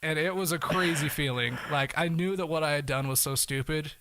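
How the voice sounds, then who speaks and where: Bright-voiced young man telling his story. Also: on the high side, fairly quick. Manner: relaxed, rambling, fond of "kind of a thing". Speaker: guest. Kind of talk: casual storytelling.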